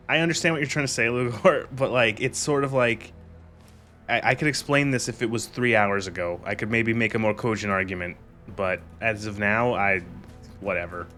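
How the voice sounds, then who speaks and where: A man's voice: fairly low pitch, moderate pace, pushed and bright, faint music behind. A man streaming a game and commenting casually, rambling, laughing often and swearing.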